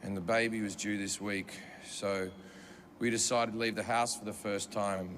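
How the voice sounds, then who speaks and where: A man doing a grieving young husband's halting, quiet apology in a stand-up routine. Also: on the low side, little pitch movement, voice pushed down, lightly acted. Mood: sorrowful. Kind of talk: stand-up comedy. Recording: roomy theatre with long reverb, audience noise.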